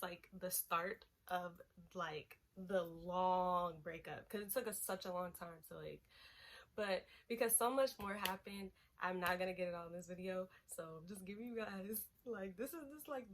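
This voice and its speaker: A young woman talks straight to her viewers in a relaxed storytime. She acts out every line of dialogue and swings from soft, low asides to loud bursts. Her voice sits at an ordinary middle pitch for a woman. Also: normal speed, a little hiss or hum. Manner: animated, dramatic retelling with quoted voices. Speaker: vlogger. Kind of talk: casual storytime.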